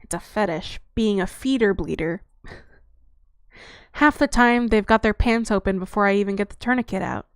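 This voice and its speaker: A woman's voice: mid-range voice, smooth, no room sound, clean studio sound, natural voice. Woman voicing a chatty vampire girl. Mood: breezy. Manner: rapid breezy patter, crude slang. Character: chatty young-looking woman vampire, brash and blunt.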